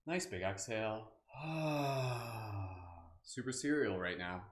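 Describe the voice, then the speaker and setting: A man's voice: lowish voice, expressive, fairly quick, fairly bright tone, roomy sound. A man hosting a live guided meditation, playful and goofy, chatting loosely with lots of filler words. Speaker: meditation host.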